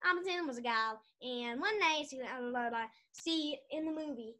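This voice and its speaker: High bright woman telling a rambling story. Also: normal speed. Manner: giggly, restarts often, lots of "like". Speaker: podcast host.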